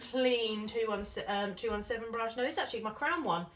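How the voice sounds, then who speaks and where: Brisk and fairly bright, this woman's high-leaning voice carries a makeup artist's relaxed, playful commentary as she works on a look. Expect chatty tutorial talk with giggles on the side, captured by a slightly distant mic with a touch of noise.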